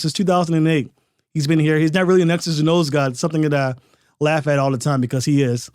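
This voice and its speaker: A man's voice: fairly high pitch, steady tone, fast talker, darkish tone, clean tone, dry recording. Fired-up man talking football, dry close mic. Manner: emphatic, fired-up, rhetorical questions. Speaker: sports podcast host. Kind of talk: opinionated sports commentary.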